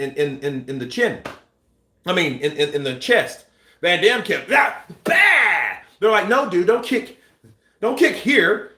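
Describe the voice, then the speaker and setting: A man hosting a boxing news channel, chatting casually and acting out scenes with shouts and sound effects. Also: fairly high pitch, roomy sound. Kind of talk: casual live-stream chat.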